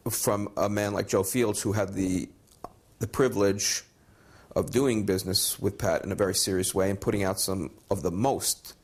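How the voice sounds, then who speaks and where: A man speaks in a documentary interview with a very low voice full of gravel. He is careful and hesitant, pausing and weighing each word. He keeps his delivery measured and guarded. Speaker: music business interviewee.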